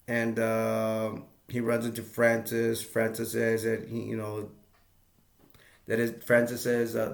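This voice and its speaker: Rambling man with a gravelly voice. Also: mid-range voice, roomy sound. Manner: rambling, many fillers and restarts. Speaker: movie reviewer. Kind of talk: casual movie review.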